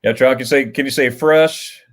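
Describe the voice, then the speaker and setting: A man's voice: mid-range voice, moderate pace. A man hosting a casual livestream chat, telling rambling stories with restarts and chuckles. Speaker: livestream host.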